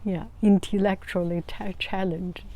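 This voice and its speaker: A woman from China, an art teacher telling a casual story, halting as she searches for words and often breaking into soft laughter. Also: mid-range voice, fairly even intonation, slight background noise. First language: Mandarin Chinese.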